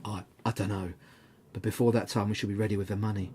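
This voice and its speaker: Man voicing a hushed, careworn young husband. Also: on the low side, flat delivery, a little hiss or hum, lightly acted. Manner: hushed, halting. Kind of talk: storybook reading.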